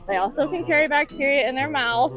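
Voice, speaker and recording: A woman presenting reptiles at a live event, explaining calmly and upbeat. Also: high voice, fast, over music. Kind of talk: educational talk at a live event.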